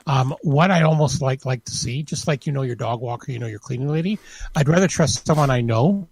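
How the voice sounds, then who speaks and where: A man co-hosting a casual podcast, talking in a halting way with many restarts and fillers. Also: medium pitch, a little mellow, breathy edge, dry recording. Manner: hesitant, many restarts and "you know". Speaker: podcast co-host. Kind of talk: casual chat.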